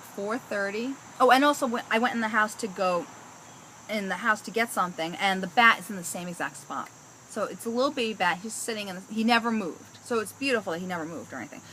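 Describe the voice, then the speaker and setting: A woman's voice: mid-range voice, pushed and bright, slight background noise, poor audio. A woman vlogger telling a story casually, chatty and exasperated, rambling along.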